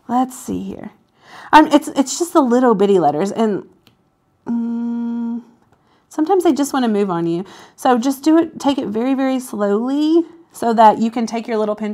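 A woman's voice: fairly high pitch, lively intonation, normal speed, darkish tone. A woman co-hosting a casual crafting livestream, playful and self-mocking as she explains each step while working. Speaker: co-host.

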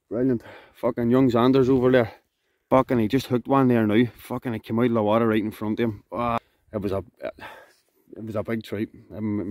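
A Scottish man fishing outdoors by a loch, giving excited, sweary commentary and shouting to a friend across the water. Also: lowish voice, no echo, clean studio sound. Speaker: fishing vlogger.

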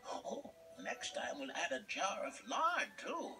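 A man's voice: extremely high pitch, wildly swooping pitch, slow pace, distant mic, noisy background, heavily acted. An actor playing a fussy, greedy middle-aged male potion seller in a game, with a theatrical, whiny manner. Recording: game audio, voice set back.

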